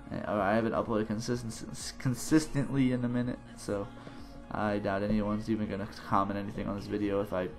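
A man giving casual, excitable gameplay commentary as a gaming channel host, cheering and shouting at plays and dropping slangy banter. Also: mid-range voice.

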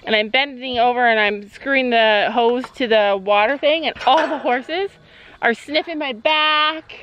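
A woman's voice: on the high side, a little slow, a bit bright, lo-fi sound. A woman chatting casually to her camera outdoors at a horse barn, soothing a frightened horse. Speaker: vlogger and mother. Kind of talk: casual vlog narration.

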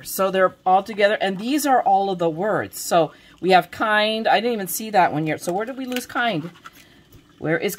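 Brief: woman craft vlogger, chatty, rambling, self-deprecating, filming herself at home. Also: medium pitch. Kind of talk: casual show-and-tell of craft supplies.

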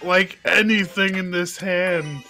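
Young-sounding male gaming host, bright, teasing friends over game music. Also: high voice, slow pace. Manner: excitable, teasing, laughs often. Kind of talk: casual gameplay chat with friends.

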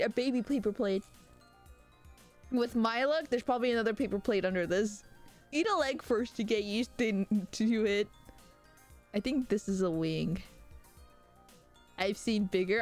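A woman chats casually with viewers during a live stream, animated and breaking into high squeals and laughter.

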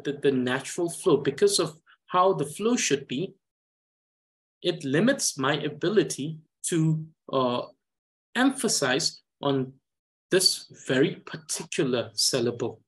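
A man with a Tibetan accent teaching a reading lesson, explaining pronunciation patiently and repeating syllables for students to follow. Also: fairly high pitch.

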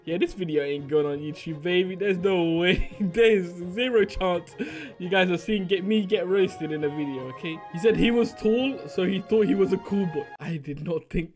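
A young man doing playful gaming commentary, excitable and jokey, swinging between mumbled asides and shrieks. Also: sits high, moderate pace. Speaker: Minecraft YouTuber. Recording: faint background music.

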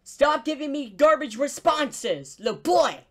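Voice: sits high, big pitch swings, unhurried. Donald Duck, a squawky cranky cartoon duck. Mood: bickering. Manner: squawky, bickering, trash-talking. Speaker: gameplay YouTuber. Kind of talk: in-character game commentary.

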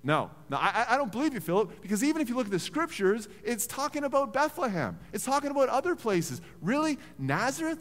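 A man's voice: extremely high pitch, sing-song, measured pace, hardly any pauses, fairly bright tone, long reverb tail, voice pushed up, full character voice. A man putting on a sarcastic doubting villager. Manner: mocking, incredulous.

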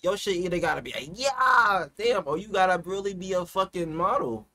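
A man hosting a reaction video, talking casually with lots of slang and swinging into loud, excited outbursts. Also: sits high, fast, soft background music. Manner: slangy, keeps saying "you feel me".

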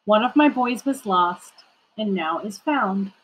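A woman's voice: mid-range voice, animated, slow, slight background noise, rough recording. A woman voicing a loving father who welcomes his son home in a storybook. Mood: tender. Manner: eager, tender. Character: loving, joyful older father.

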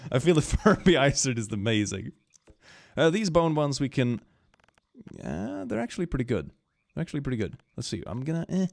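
A man streaming a game, commenting casually and excitably, swinging between gushing and mumbling with frequent laughs. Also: medium pitch, gravelly, no room sound.

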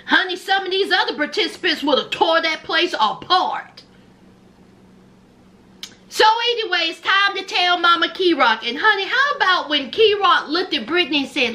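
Woman, sassy reality-show recapper: high, bright voice, swoops up and down as she gossips. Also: lively intonation, moderate pace. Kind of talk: animated show recap commentary.

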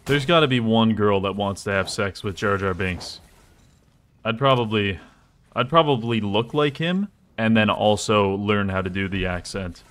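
A young man streaming a game, chatting casually with jokes and sudden excited exclamations as he plays. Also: fairly low pitch, moderate pace. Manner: rambling, joking, bursts into excited exclamations. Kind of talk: casual live gameplay commentary.

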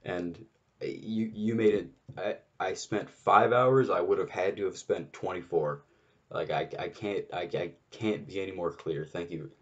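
Low-voiced exasperated man ranting. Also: unhurried, breathy edge, lo-fi sound. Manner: exasperated, sarcastic, swears often; many restarts and fillers. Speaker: political commentator. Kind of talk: unscripted solo rant.

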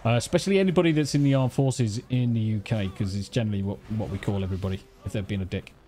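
A man with a lowish, mellow voice talks at a racing pace while streaming a game. He chats casually, swearing and teasing as he thanks his viewers, with faint music playing behind him.

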